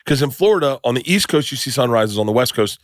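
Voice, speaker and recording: A middle-aged man hosting a podcast, chatting casually and telling stories with excitement, acting out what people said. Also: mid-range voice, fast talker, no room sound, studio quality. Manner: excitable storyteller acting out quotes. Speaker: podcast host. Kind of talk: casual chat.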